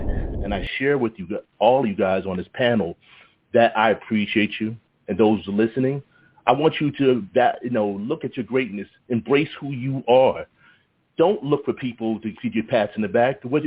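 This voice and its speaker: A male talk show host speaking in a heartfelt, halting way, often restarting his sentences. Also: mid-range voice, breathy edge. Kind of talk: emotional personal talk, then hosting. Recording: dull, lo-fi audio.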